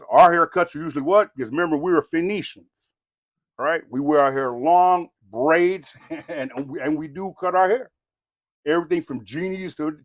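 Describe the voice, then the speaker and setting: A slightly high-pitched man rants on a clean studio track without any echo. Hailing from Southern California with a Samoan-tinged accent, he preaches and rambles bluntly, swearing and repeating "you know what I mean".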